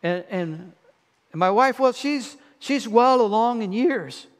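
A man's voice: sits high, expressive, pitched above the performer's own voice. A man playing a stammering old priest. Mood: anxious. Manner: stammering, halting. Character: doubtful elderly male priest, anxious and stammering. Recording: long reverb in a church hall.

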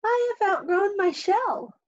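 A woman voicing a small, polite young female hermit crab in a storybook, in a small high voice. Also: animated, a little slow, muffled recording.

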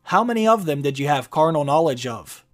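A man's voice: fairly high pitch, animated, fairly quick, soft background music, lightly acted. A man reading aloud the part of a cold, cruel queen, commanding and curt.

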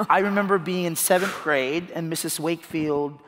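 Man from the Philippines, fairly high voice, animated onstage talk, long hall reverb. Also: moderate pace, a little hiss or hum. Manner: animated, laughs often, repeats words when restarting. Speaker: guest speaker. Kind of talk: onstage interview. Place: large hall on stage.

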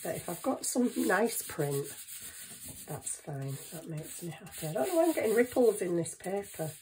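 A woman's voice: on the low side, sing-song, normal speed, warm tone, slight background noise, rough recording. A woman chatting casually in her home kitchen, thinking aloud as she works on a craft. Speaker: craft vlogger.

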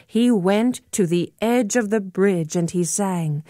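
A woman storyteller telling a folk tale in an expressive, deliberate way. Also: mid-range voice. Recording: dry studio recording with soft music. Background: soft instrumental music.

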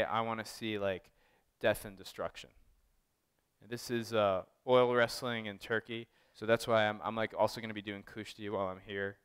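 A man's voice: mid-range voice, a bit bright, smooth. A man giving a casual, anecdotal artist talk as a photographer, rambling with many fillers and restarts. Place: art gallery talk.

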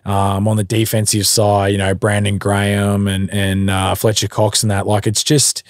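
Laid-back Australian man, low and dry. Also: moderate pace, no room sound. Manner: relaxed, laid-back, loose swearing, many fillers. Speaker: interview guest, football punter. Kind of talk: casual podcast chat.

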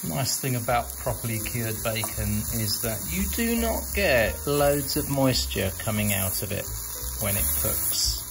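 A man's voice: medium pitch, animated, measured pace, gravelly, low-quality recording. A man explaining in a plain voice-over how a cured food should behave when it is cooked. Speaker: cookery teacher. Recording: voice-over with music behind.

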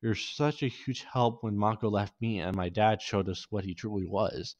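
A man voicing a caring, gently firm young woman as he reads a story aloud in a soft, earnest way. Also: fairly low pitch, normal speed, no echo, natural voice. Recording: dull dry lo-fi recording.

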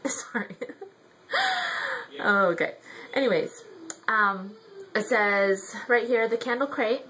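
A woman's voice: medium pitch, slow, pauses often, a bit bright, slight background noise, rough recording. A young woman chatting casually in a product review vlog, rambling with many ums and likes. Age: young adult.

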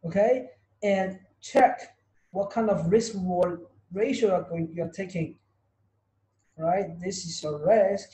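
A man's voice: sits high, slow, mellow. A man teaching a trading webinar, repeating himself and asking his students rhetorical questions. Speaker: trading tutor. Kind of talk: online webinar lesson. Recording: roomy echo.

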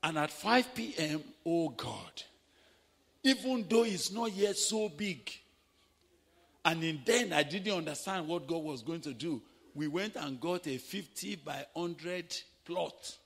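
A Nigerian man preaches in a sermon full of stories, his slightly raised voice husky at the edges. He acts out the people he quotes, dropping low and then climbing to a shout. The sound rings with the long echo of a large hall. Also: animated, slow pace. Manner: dramatic, acting out quoted voices, swinging from hushed to shouting. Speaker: pastor. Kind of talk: sermon with storytelling.

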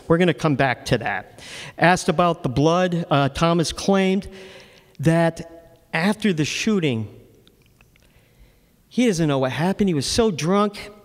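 A man gives a book talk and tells a history story in a loose, wry way, with plenty of fillers. His voice sits somewhat high. A long reverb from the lecture hall hangs behind him. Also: expressive, unhurried, pauses often. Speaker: local author giving a book talk.

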